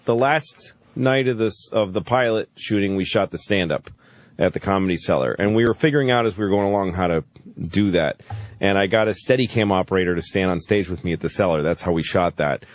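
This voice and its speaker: A man's voice: deep voice, fairly quick, no echo. A middle-aged man, a comedian, telling profane stories on a casual radio talk show and laughing often.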